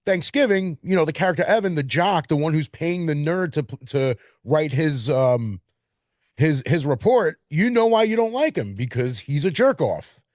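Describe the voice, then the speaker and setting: A man with a New York accent chats about movies in long, animated stretches full of fillers. His voice sits a little high for a man, and the recording is dry and close with almost no room sound. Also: moderate pace, no echo. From Queens, New York. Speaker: podcast co-host. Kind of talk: casual chat.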